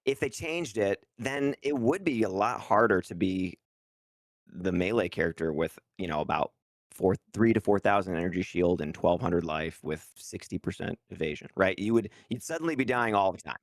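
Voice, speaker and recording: A low-voiced man talking casually as a podcast guest. He rambles, leans on fillers and slips in sarcastic asides. The recording is dry and close. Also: expressive, normal speed, no echo. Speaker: guest, game content creator. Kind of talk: casual gaming podcast chat.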